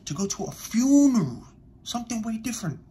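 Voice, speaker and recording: A man's voice: high-pitched, very animated, brisk, dark tone. A man speaking, giving impassioned online commentary, emphatic and repetitive, addressing his audience directly.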